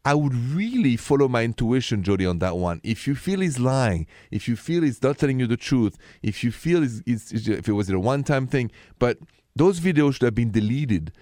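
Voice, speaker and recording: A man's voice: medium pitch, animated, normal speed, dark tone, dry recording, studio quality. A man with a French accent hosting a call-in radio show, giving frank, direct relationship advice.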